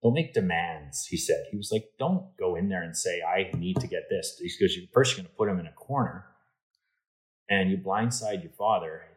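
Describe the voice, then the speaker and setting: A man's voice: low voice, fairly quick, low-quality recording. A middle-aged man, an insurance executive, telling stories on a podcast and acting out the dialogue. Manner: animated anecdotes, acts out quoted dialogue. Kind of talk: casual storytelling interview.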